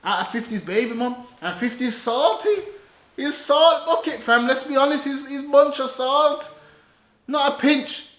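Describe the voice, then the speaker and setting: Young guy ranting about celeb stuff, high voice, lots of laughing, echoey room. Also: a little slow. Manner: animated, laughing, loud bursts then low asides. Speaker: online commentator. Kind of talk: casual slang-heavy commentary. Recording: roomy echo.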